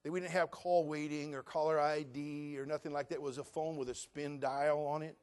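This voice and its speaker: With a slightly high, level voice and a fairly quick pace, a middle-aged man preaches a sermon. He lowers to a hushed, story-like tone before rising into loud declarations, quoting scripture in antique wording.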